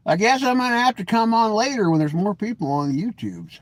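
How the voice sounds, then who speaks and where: A man from the Pacific Northwest hosting a casual, rambling live stream, folksy and joking, calling himself grumpy. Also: brisk. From Washington state. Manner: lively pitch swings, mimics voices in anecdotes.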